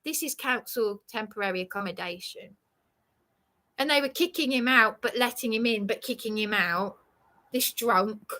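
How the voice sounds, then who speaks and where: Indignant high-voiced woman ranting. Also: moderate pace. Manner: indignant, swearing, voice rising to shouts. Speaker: vlogger. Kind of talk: emotional ranting monologue.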